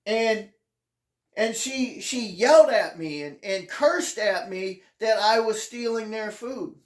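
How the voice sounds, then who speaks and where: A channel host telling a personal memoir in an earnest, halting way, often restarting sentences and sounding emotional, close to tears at times. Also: mid-range voice, roomy sound.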